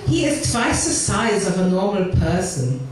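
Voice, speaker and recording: A woman's voice: mid-range voice, sing-song, unhurried, slight background noise. A woman doing a wry old grandmother. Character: elderly woman, wry German-Jewish grandmother. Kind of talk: poetry reading. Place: live performance venue. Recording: echoey room heard from a distance.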